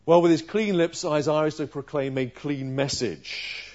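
A man preaching a sermon in a fairly high voice. He keeps asking his listeners questions and swings between emphatic, louder lines and hushed asides. The recording sounds dull and lo-fi. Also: moderate pace. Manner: asks the listeners questions, swings from loud stresses to quiet asides. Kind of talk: expository sermon.

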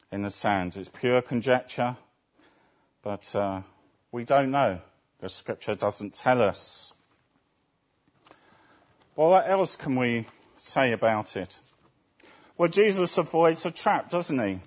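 Male preacher, deliberate sermon delivery, rhetorical questions, muffled lo-fi sound. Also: medium pitch, lively intonation. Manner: asks rhetorical tag questions. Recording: dull lo-fi recording.

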